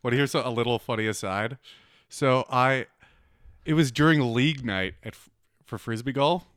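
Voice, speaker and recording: A man's voice: mid-range voice, moderate pace, fairly bright tone, dry recording, clean studio sound. A young man co-hosting a podcast, laid-back and wisecracking in casual chat. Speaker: podcast co-host.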